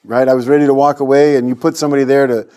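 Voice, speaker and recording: Middle-aged american guy telling his story in an interview, earnest, animated, mid-pitched voice. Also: rapid-fire, clean tone. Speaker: interview guest.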